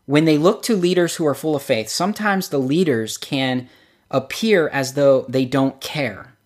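A pastor delivers a sermon in a medium-pitched voice at normal speed. He tells stories and acts out the quotes he gives with lively shifts.

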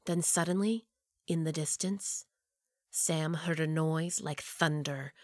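A woman reading a children's story aloud, expressive and dropping low and quiet for the tense parts. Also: slow, no room sound, clean studio sound.

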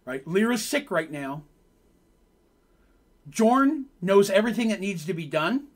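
A man's voice: high-pitched, lively intonation, measured pace, voice pushed up. A man voicing a stern male minotaur clan leader, who gives clipped orders. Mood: commanding.

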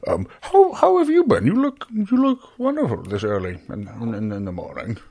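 A man voicing a flustered, excitable young man who rambles and stammers. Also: moderate pace, exaggerated voice. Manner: stammering, high-pitched outbursts.

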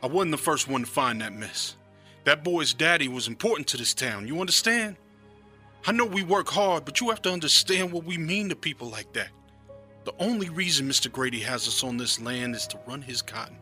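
A man's voice: fairly high pitch, lively intonation, a little fast, sharp tone, faint music behind. An actor playing a stern, protective sharecropper father named George in an audio drama.

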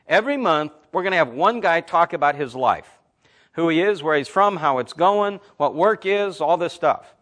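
A man in his fifties, a Christian talk host, telling stories and preaching in a blunt, emphatic, animated way. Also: on the high side, moderate pace. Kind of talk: conversational preaching with storytelling.

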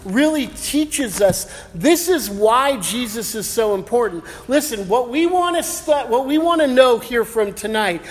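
Heard through long hall reverb, a middle-aged pastor with a very high-pitched voice preaches an evening sermon, animated yet measured in pace and barely pausing. He prays, then shares a personal story in casual slang.

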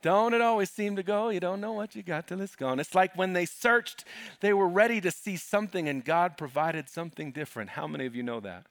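Man pastor, sermon, high bright voice, humorous, animated, dry close sound. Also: brisk, no echo. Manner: animated, humorous, calls out to the congregation.

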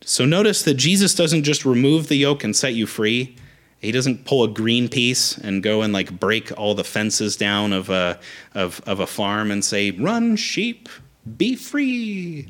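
A young adult man preaches as a pastor in a lowish voice at a moderate pace. He keeps the sermon emphatic and animated, returning to rallying phrases.

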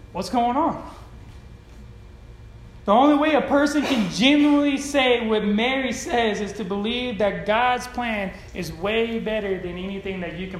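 A preacher giving a sermon to a congregation in a church hall, talking in a conversational style with casual slang and swinging between loud and soft. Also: mid-range voice, a little hiss or hum. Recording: roomy hall echo.

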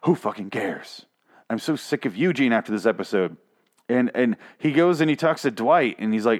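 A man's voice: mid-range voice, animated, normal speed. A man reviewing a TV episode in a sarcastic, profane, rambling rant. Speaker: TV show reviewer.

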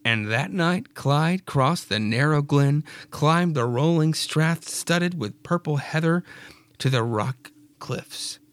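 A man hosting a podcast, retelling a horror comic with a raspy voice and wry, jokey asides. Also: on the high side, expressive, takes it slowly, dry recording. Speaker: podcast host.

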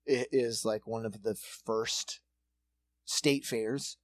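A man in casual comedic chat, riffing with quick jokes and profanity. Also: lowish voice, steady tone, no echo.

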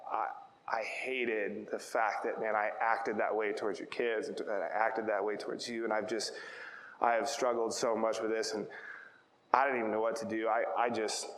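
A man's voice: on the low side, fairly bright tone, reverberant, big-room sound, poor audio. A man preaching a sermon, telling a personal story in a chatty way and often asking "right?". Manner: conversational storytelling, repeats words, asks "right?". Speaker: pastor.

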